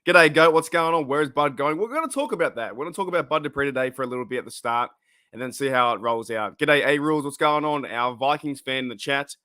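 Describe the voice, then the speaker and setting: A man's voice: medium pitch, expressive, fast talker, bright, forceful tone, smooth, no room sound, studio quality. A man with an Australian accent hosting a casual live stream, rambling with lots of fillers as he greets viewers in the chat. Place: his room at home.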